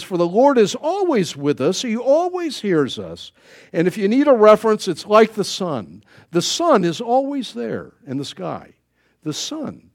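An older male pastor preaching a sermon in a fairly high voice that rises and falls a lot. He talks in a folksy, conversational way, with joking asides and questions thrown out to the congregation.

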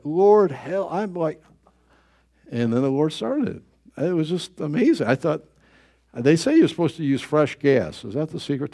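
A man's voice: medium pitch, mellow. A middle-aged male pastor preaching a sermon in a folksy storytelling way, acting out his own thoughts in quoted asides.

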